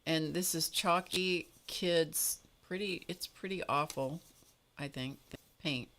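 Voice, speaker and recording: A woman's voice: low-pitched, slow pace, fairly bright tone, slight background noise. A woman hosting an art livestream, chatting casually in a rambling, storytelling way with small laughs as she paints. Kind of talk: casual chat while painting.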